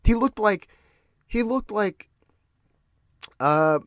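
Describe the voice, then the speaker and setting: A man rants through a casual solo commentary, his voice swinging widely in pitch as he circles back over his own words and trips into restarts. He sits slightly high for a man. The sound is dry and close, with almost no room around it. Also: extremely slow, no echo. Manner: ranting, animated, with restarts and repeated words. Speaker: podcast host.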